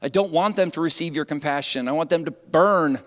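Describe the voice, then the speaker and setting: Preacher doing a bitter, indignant prophet, raised and strained, long church reverb. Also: male voice, fairly high pitch, a little fast, lightly acted. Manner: pleading, indignant outburst. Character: angry resentful male prophet complaining to God.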